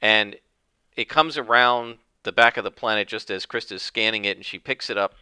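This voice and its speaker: A man's voice: fairly low pitch, normal speed, bright, forceful tone, smooth, no room sound. A man narrating his solo tabletop game, thinking aloud with many fillers.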